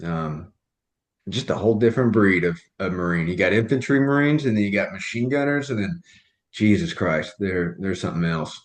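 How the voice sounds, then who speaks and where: A man's voice: deep voice, animated, normal speed. A man hosting a podcast, blunt and joking, cursing casually as he chats. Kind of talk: casual chat. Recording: roomy echo.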